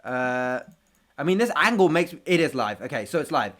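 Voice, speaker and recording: A man's voice: mid-range voice, very animated, moderate pace, fairly bright tone. A man with street hosting a reaction video, ranting casually with profanity and self-mocking jokes.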